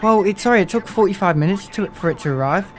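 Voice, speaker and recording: A man's voice: high voice, lively intonation, fast talker, a little hiss or hum. A young man, chatting casually and rambling through a live gaming stream, laughing often and poking fun at himself.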